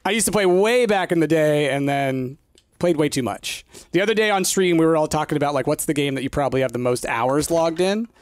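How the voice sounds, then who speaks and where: A man's voice: fairly high pitch, a little fast, dry recording, clean studio sound. A man casually chatting and joking while streaming a cozy game with a friend, laughing often. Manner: animated, laughs often, jokey. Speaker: let's play streamer. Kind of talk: casual co-op gaming chat.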